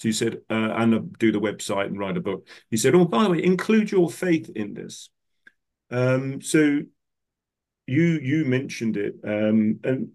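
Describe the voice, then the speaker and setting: A man's voice: on the low side, a little mellow. An older man hosting a podcast, asking long, rambling questions and searching for his words. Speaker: podcast host, coach. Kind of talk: conversational interview questions.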